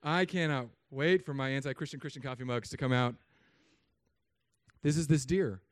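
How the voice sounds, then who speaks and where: A man in his thirties from Southern California, a pastor giving a humorous sermon with animated storytelling and put-on voices. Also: mid-range voice, normal speed, no room sound, studio quality.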